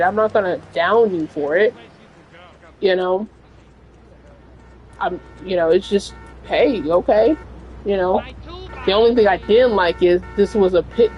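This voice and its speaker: A woman's voice: medium pitch, fairly even intonation, a little slow, long pauses, lo-fi sound, a little hiss or hum. A woman streamer telling a long, rambling story while she plays at home. She speaks frankly and fills her talk with "like" and "you know". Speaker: gaming streamer. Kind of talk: casual storytelling over gameplay.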